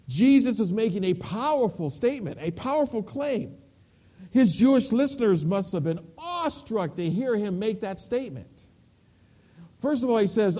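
A male preacher delivering a sermon, storytelling with emphasis and dropping to a hush on key words. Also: high voice, sing-song, takes it slowly.

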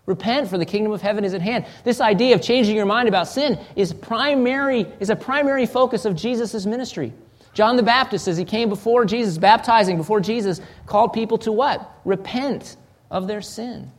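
A man preaching a sermon in an earnest, searching way, often restarting phrases and sinking to a soft, low voice. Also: a little fast. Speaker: pastor.

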